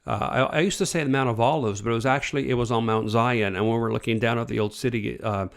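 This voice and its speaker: A man hosting a podcast, telling a personal story in a casual, animated way and acting out the dialogue. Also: mid-range voice, fast talker, creaky. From Canada. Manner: animated, acts out quoted dialogue. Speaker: podcast host.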